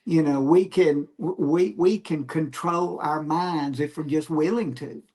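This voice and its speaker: A male comedian, a guest on a podcast, telling stories in an animated, reflective way about his craft. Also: fairly high pitch, measured pace. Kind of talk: casual storytelling chat.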